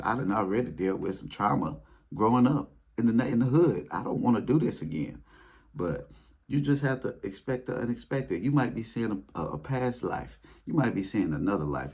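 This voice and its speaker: A man speaking in a casual storytelling monologue, animated, acting out his past reactions in a high voice. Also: normal speed, vocal fry, slightly rough. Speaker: spiritual video creator.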